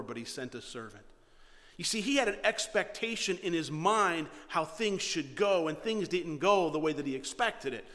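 A man preaching a sermon, telling a story with animated energy and many rhetorical questions. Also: a little high, in a large hall. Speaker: pastor.

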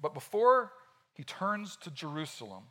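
A man preaching a sermon in a conversational, animated way, often acting out quotes. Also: a little high, moderate pace. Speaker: pastor.

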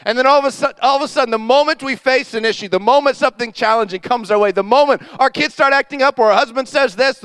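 A man preaching a sermon as pastor, telling a story with acted-out dialogue and dropping to a quiet voice for emphasis. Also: very high-pitched, quick pace, few pauses, smooth, no room sound. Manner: animated storytelling, acting out dialogue.

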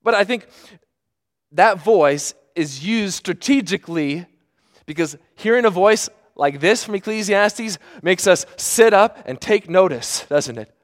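A middle-aged man preaching a sermon, earnest, moving between hushed, drawn-out phrases and emphatic bursts. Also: sits high, expressive.

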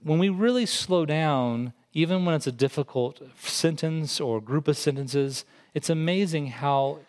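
A man's voice: on the high side, unhurried, darkish tone. A male pastor giving a conversational sermon to his congregation, often repeating words as he restarts a thought. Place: church hall with congregation.

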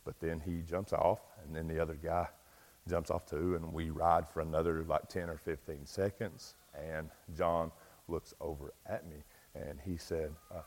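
A man's voice: rumbling low, little pitch movement, normal speed, darkish tone. A middle-aged man, a pastor telling a self-deprecating story in a folksy sermon with plenty of fillers. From East Tennessee, US. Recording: long reverb from a large hall.

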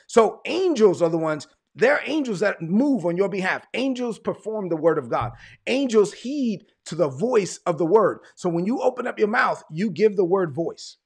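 A man's voice: high voice, very animated, normal speed, vocal fry, a little mellow, slightly rough. A man from Brooklyn, preaching a sermon with emphatic, repetitive cadence. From Brooklyn, New York. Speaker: pastor.

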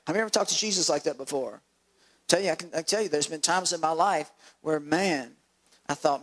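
Male pastor, high voice, fervent sermon delivery that climbs into pleading cries and call-and-response questions. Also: animated, a little fast, fairly bright tone.

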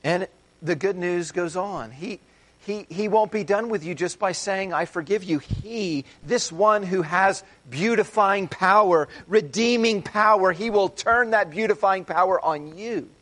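High-voiced guy preaching, slow and earnest, goes quiet then gets emphatic. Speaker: pastor. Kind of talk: sermon.

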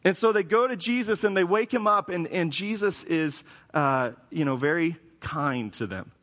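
A man's voice: fairly high pitch, expressive, moderate pace, fairly bright tone. A man preaching a conversational sermon as a pastor, casual and wry, with frequent restarts, in a church sanctuary. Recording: long hall reverb.

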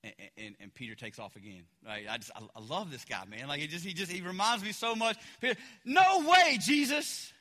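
A male pastor preaching a sermon in a casual, animated storytelling way with lots of fillers. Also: mid-range voice, fast, few pauses, long reverb tail.

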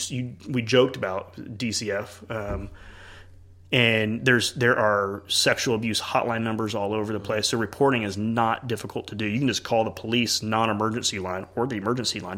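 A man's voice: lowish voice, fairly even intonation, moderate pace, a bit bright. A man who is a church leader and parent, talking earnestly in a casual podcast conversation and acting out quoted dialogue.

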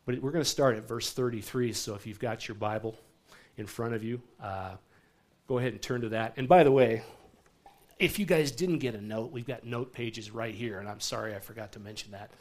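A man's voice: mid-range voice, brisk. Conversational male pastor preaching. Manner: conversational, asks the congregation "right?" often. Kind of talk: sermon.

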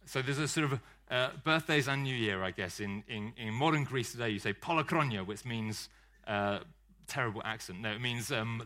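A man's voice: fairly low pitch, bright, forceful tone. A man preaching a sermon in a conversational style, joking and poking fun at himself. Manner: conversational, joking, self-deprecating.

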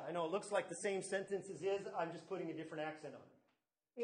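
A man's voice: high voice, quick pace. A man preaching a sermon as pastor, teaching and leaning hard on key words, with asides to the congregation. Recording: echoey room.

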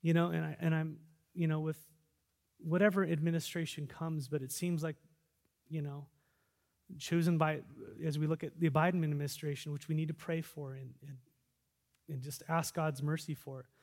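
A pastor preaching a sermon, swinging between loud fervent exhortation and quiet reflective asides. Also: male voice, fairly high pitch, flat delivery, normal speed. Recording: long reverb of a large hall.

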